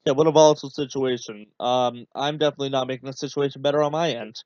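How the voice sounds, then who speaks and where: Over a dull, dry podcast mic with no room sound, a man rattles off fast, casual commentary on a match he's watching. His mid-range voice is fairly even, a little mellow and clean, and his rambling, filler-heavy talk turns sarcastic and exasperated.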